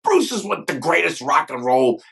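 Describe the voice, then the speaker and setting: An older man, a guest, telling stories in an animated way and acting out quotes, with many quick restarts. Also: a little high, vocal fry, breathy edge. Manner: talks fast with many restarts and acted-out quotes. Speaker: guest, former sketch comedy cast member. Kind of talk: animated storytelling with impressions.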